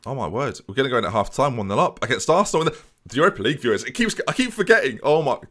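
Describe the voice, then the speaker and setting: A young man commentating on his own football management game, excitable and talking to his viewers. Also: medium pitch, very fast. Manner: excitable, mock-commentator, addresses viewers constantly. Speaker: gaming YouTuber.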